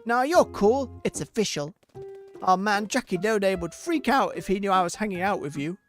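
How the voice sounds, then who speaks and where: A streamer voicing an excitable, brash young child who blurts things out eagerly. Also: medium pitch, normal speed, soft background music, voice pushed up, close to an everyday voice. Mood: excited.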